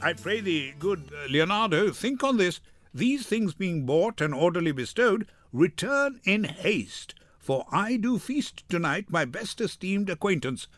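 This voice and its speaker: A man's voice: high voice, very animated, fairly bright tone, no room sound, soft background music, full character voice. A man reading a grave young nobleman. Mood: urgent. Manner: grave, deliberate Shakespearean verse. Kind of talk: dramatic reading.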